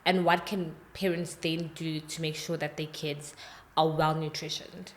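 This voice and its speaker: A woman's voice: low voice, flat delivery, measured pace. A woman hosting a podcast, asking engaged follow-up questions in a casual chat. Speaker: podcast host.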